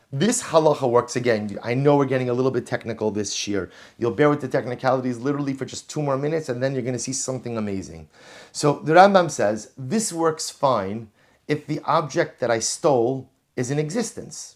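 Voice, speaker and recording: Male rabbi, animated lecturing delivery with repeated lines for emphasis. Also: mid-range voice. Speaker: rabbi teaching. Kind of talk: Torah class lecture.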